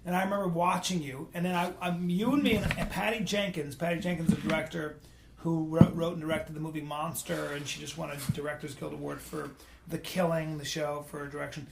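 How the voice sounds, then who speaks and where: A male podcast host in casual chat, excitable and profane, hyping his guest. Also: fairly high pitch, brisk, vocal fry, heavy background noise. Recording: roomy echo.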